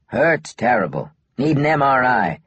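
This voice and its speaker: A man voicing a lazy, grumbling older male distillery owner with a lilt, complaining in gruff clipped phrases. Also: mid-range voice, big pitch swings, measured pace, a bit bright, no room sound, lo-fi sound, exaggerated voice.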